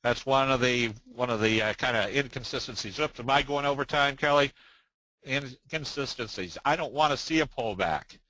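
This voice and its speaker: Older man, trading presenter, folksy and chatty, bright forceful voice, dry close sound. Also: mid-range voice, moderate pace, no echo, low-quality recording. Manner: folksy, tells jokes, many fillers. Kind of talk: webinar presentation.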